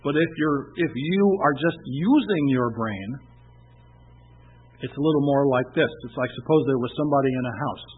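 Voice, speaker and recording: A man's voice: mid-range voice, moderate pace, breathy edge. A man preaching a sermon in an earnest, conversational way, asking his listeners questions. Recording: muffled phone-like radio broadcast.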